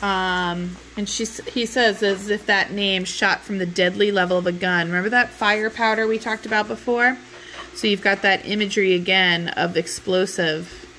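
A woman's voice: mid-range voice, steady tone, moderate pace, sharp tone, a little hiss or hum. A woman teaching a class, retelling a play in casual words and often checking in with "okay?". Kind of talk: explaining a play to students.

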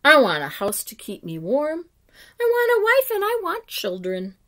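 A woman reading the lines of a boy who grows into a tired old man, in a plain, slightly lower, firmer storybook voice. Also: huge pitch swings, moderate pace, a bit bright, heavily acted. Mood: wanting.

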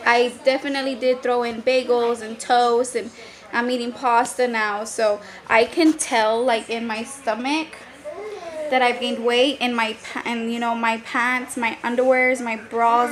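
A woman's voice: on the high side, little pitch movement, measured pace. A woman chatting casually with her vlog viewers, laughing often and sounding full after a meal. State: pregnant, very full after eating. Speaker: vlogger. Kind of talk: casual chat. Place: restaurant, then home by the Christmas tree.

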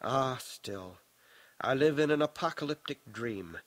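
A man voicing a blinded young emperor who gives firm, calm commands, in a storybook reading. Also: mid-range voice, a little slow. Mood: quiet. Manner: firm, commanding orders in a raised voice.

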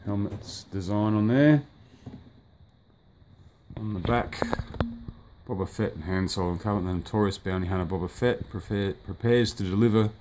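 A man's voice: on the low side, normal speed, long pauses, darkish tone, slight background noise. A man casually reviewing a collectible figure, rambling offhand with fillers and the odd curse, filmed indoors by a sunny window. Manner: rambling, offhand, swears at the sunlight.

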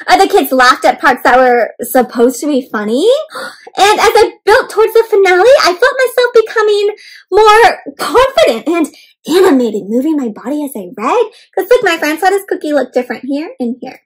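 A woman doing an interactive read-aloud of a picture book for children, animated, with gasps and questions to the listeners. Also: high voice, moderate pace, low-quality recording. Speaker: children's storyteller.

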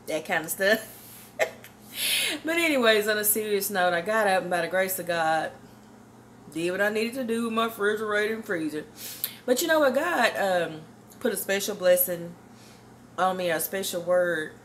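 A woman's voice: mid-range voice, fairly bright tone, a little hiss or hum. A middle-aged woman giving a devotional morning testimony, chatty and exuberant, laughing often and repeating phrases like a preacher. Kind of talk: informal devotional talk.

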